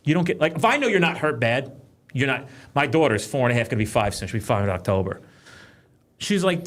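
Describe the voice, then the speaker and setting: A man talking in a casual podcast chat, profane and quick, telling animated stories about his kids and work. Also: mid-range voice. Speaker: podcast guest, police trainer.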